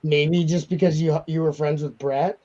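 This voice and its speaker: A man's voice: a little high, fairly even intonation, normal speed, darkish tone, lo-fi sound. A man hosting a live stream, joking around in casual banter and laughing a lot. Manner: jokey, laughs a lot, slips into mock accents. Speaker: stream host.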